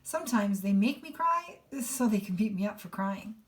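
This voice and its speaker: A shy, hurt teenage boy, as a woman reads him aloud, pleading and unsure of himself. The voice sits at a middling pitch. It is a simple read-aloud from a novel. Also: animated, moderate pace, lightly acted.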